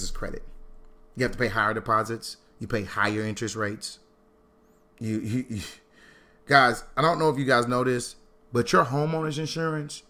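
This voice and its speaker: A man giving a sermon-style talk on money, preacherly and animated, repeating lines for emphasis and swinging from low asides to loud bursts. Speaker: Christian financial teacher.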